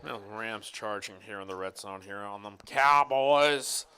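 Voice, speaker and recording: Guy doing live poker commentary, kinda lowish voice but bright and crisp, rambles and jokes around. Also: level tone, normal speed. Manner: rambling, joking, reads viewer chat aloud. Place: card room commentary booth.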